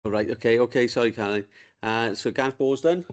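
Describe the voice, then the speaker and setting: A man runs a council committee meeting in a relaxed, easygoing way and jokes with the members. His voice sits at an ordinary middle pitch, with nothing unusual about it. It is picked up by a desk microphone in a meeting room. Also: fast talker, lo-fi sound. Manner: informal, genial and joking. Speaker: committee chair.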